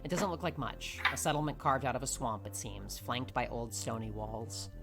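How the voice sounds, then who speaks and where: A man's voice: medium pitch, expressive, normal speed, gravelly, loud music behind the voice. A man hosting a let's play, reading game narration aloud and breaking off to joke. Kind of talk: narrating a visual novel aloud.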